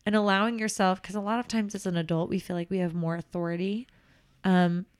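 A woman's voice: mid-range voice, fairly even intonation, a little fast, clear, resonant tone. A woman who works as a nanny, chatting on a podcast and giving earnest advice with frequent ums and laughs. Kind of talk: casual podcast chat.

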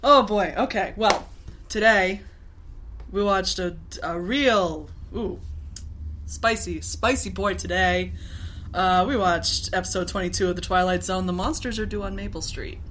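Giggly, bright-voiced woman podcast co-host. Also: mid-range voice, unhurried, a little hiss or hum. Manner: giggly, rambling, swears casually. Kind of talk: casual chat.

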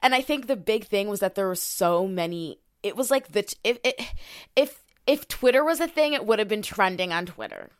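A woman's voice: medium pitch, animated, normal speed, no room sound, clean studio sound. A young woman co-hosting a podcast, telling a story in a casual, swearing, filler-heavy way and reading quotes aloud. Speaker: podcast co-host.

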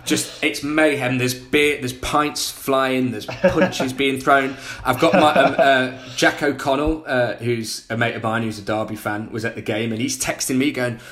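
A man tells a story in casual podcast chat. He talks in an animated way and acts out the people in it. His voice sits at a middle pitch. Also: a little slow, hardly any pauses. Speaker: podcast guest. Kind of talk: casual anecdote telling.

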